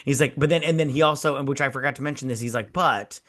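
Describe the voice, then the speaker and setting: A man's voice: medium pitch, fast. Laughing, crude male podcast host. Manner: animated retelling, quoting characters in voice; laughs often, crude humor. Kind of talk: casual movie-review chat.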